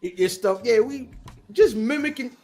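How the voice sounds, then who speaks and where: A man's voice: very high voice, animated, moderate pace, darkish tone. A man co-hosting a podcast in casual chat, telling loose, slangy stories and mimicking voices. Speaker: podcast co-host.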